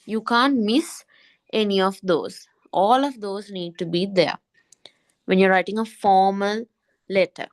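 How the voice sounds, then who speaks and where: A woman teaching an English lesson online, often repeating a point and asking quick checking questions. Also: mid-range voice.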